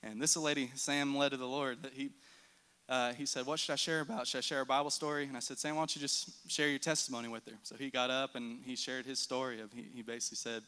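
Man, earnest church testimony storyteller; bright, smooth tone. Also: mid-range voice, level tone, fast talker. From United States. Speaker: mission team member giving report.

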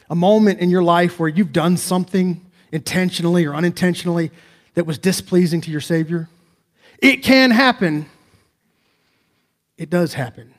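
Male pastor, slightly raised pitch; earnest, conversational sermon delivery with rhetorical questions. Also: a little mellow.

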